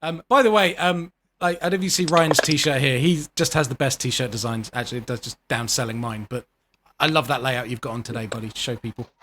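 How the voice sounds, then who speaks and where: A man's voice: mid-range voice, a little fast, bright, forceful tone, slight background noise. A man hosting a casual podcast over a video call, laughing often and swearing casually as he chats with guests. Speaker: podcast host.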